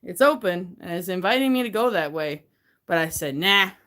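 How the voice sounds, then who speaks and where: A woman's voice: on the low side, fairly quick. A woman chatting casually on a livestream from her messy bedroom, rambling and getting hyper, talking into her phone. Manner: rambling, gets hyper and excitable. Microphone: phone camera.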